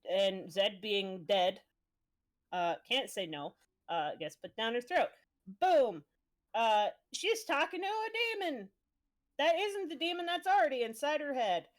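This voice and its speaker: A woman's voice: a little high, very animated, a little slow. A woman streamer casually recapping a tabletop game session, swearing freely as she tells it. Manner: profane, breezy storytelling.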